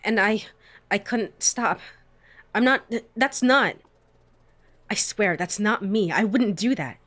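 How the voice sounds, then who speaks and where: An anxious young woman, as a woman reads her out, defensive and halting, pleading through broken starts. It stays close to the reader's own everyday voice. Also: mid-range voice, a bit bright.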